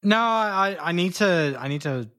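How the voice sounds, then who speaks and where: A man hosting a podcast, chatting about video games in a hesitant, halting way with many restarts. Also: high-pitched, expressive, fairly bright tone. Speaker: podcast host.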